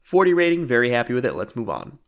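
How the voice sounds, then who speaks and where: A man's voice: mid-range voice, very animated, fast. A man giving casual, matter-of-fact commentary on a wrestling booking game, rating and judging each segment.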